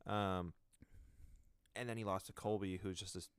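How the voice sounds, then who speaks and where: A man with a lowish voice talks in a relaxed way on a podcast and keeps softening his own opinions. The sound is dry and close to the mic. He is the show's co-host in casual chat. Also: normal speed, smooth, no room sound. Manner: laid-back, hedging opinions.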